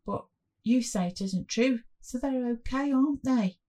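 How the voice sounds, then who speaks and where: A woman's voice: medium pitch, measured pace, dark tone, husky. A woman voicing a frightened five-year-old boy who speaks in a small, pleading voice in a spoken story. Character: scared little boy, five years old.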